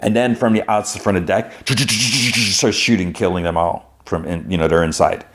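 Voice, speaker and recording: A man's voice: deep voice, a little fast, heavy background noise. A man hosting a podcast, casually recapping an episode in a rambling, filler-heavy way and acting out the characters. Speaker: podcast host.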